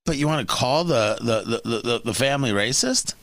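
Animated, sarcastic talk radio man. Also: mid-range voice, moderate pace, dry recording. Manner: sarcastic, emphatic, repeats and restarts phrases. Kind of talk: opinionated radio commentary.

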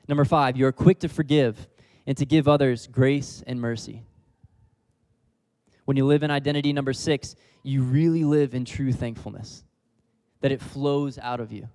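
A man's voice: mid-range voice, steady tone, moderate pace, long pauses, darkish tone. A young man preaching a casual sermon, laughing often as he talks. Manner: casual, laughs often, leads the crowd in repeating lines. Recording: long hall reverb.

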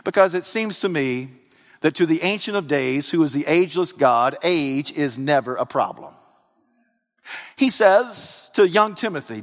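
A male pastor preaches to his congregation in an emphatic sermon, pressing hard on key words and now and then rising to a shout. His voice sits high with a gravelly edge. A long reverb from the church sanctuary rings after every phrase. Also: animated, unhurried.

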